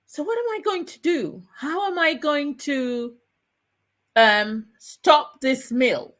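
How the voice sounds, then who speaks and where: A woman voicing an eager, greedy rich young man in a folk tale, speaking in a high, excited, wondering way. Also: slow pace, full character voice. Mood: anxious. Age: young adult.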